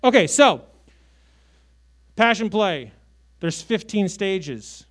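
A man in his late thirties from Chicago doing a brash, sarcastic stand-up comedy set with big swings in loudness. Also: sits high, very animated, takes it slowly. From Chicago, USA. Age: 30s.

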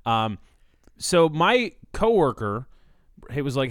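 A man's voice: mid-range voice, very animated, moderate pace, clean tone, no echo, clean studio sound. A man co-hosting a casual podcast, joking and enthusiastic, acting out quotes from other people. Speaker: podcast co-host.

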